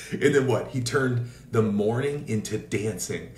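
A man's voice: roomy sound, recorded from a distance, a little hiss or hum. A man from the Seattle area leading a fervent prayer and sermon, declaring and telling stories with energy. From Seattle area, Washington State. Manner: fervent, declaring, storytelling with rising pitch. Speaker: preacher.

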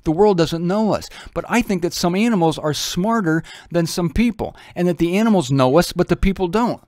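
Guy teaching the bible, jokey and super animated, kinda high voice, dry sound. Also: brisk, no echo. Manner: humorous, animated, acts out little voices.

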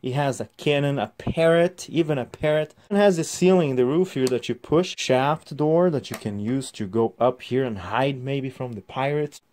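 A man's voice: medium pitch, normal speed, few pauses, a little mellow, a little hiss or hum. A man reviewing a toy set in a casual, chatty way, showing the pieces as he explains them.

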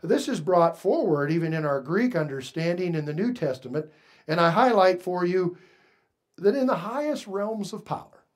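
A male pastor preaching a sermon slowly and emphatically, stretching out key words for weight. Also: high voice, animated.

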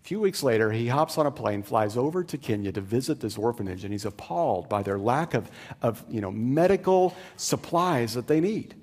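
A man's voice: medium pitch, animated, fairly quick, a little mellow, big-room sound. A man preaching a sermon, telling a story in a conversational way with easygoing asides. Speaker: pastor.

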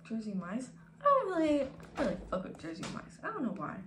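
A young woman in her twenties hangs out on stream in her home room, talking to viewers in an easygoing, profane manner that fades into whispers. Her mid-range voice is sing-song and quick. The echoey room carries faint ambience and background noise.

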